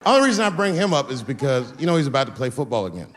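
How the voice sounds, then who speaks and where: A man's voice: mid-range voice, big pitch swings, very fast, in a large hall, a crowd in the background, noisy background. A man performing a stand-up comedy routine with crude, profane punchlines.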